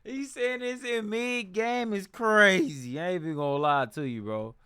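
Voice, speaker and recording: A man's voice: high-pitched, moderate pace, pushed and bright, clean tone, dry recording, studio quality. A man hosting a reaction video, talking casually in slang and interjecting over the clip he is watching.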